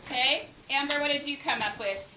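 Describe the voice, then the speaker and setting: A woman teaching a class of children, giving instructions and stretching out her cue words slowly. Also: high voice. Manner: slow, drawn-out cue words. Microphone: worn teacher mic, recorded from a distance. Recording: echoey classroom mic from far off. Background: classroom noise.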